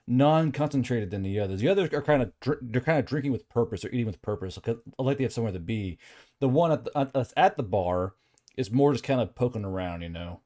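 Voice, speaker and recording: A man's voice: mid-range voice, dark tone. A man narrating as game master, describing scenes in an easygoing way with frequent fillers.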